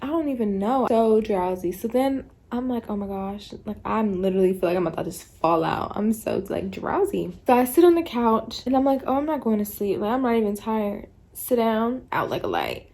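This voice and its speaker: A woman's voice: fairly high pitch, lively intonation, brisk, few pauses, dark tone. A woman vlogger telling a story in a casual, chatty way, acting out her own thoughts as she goes.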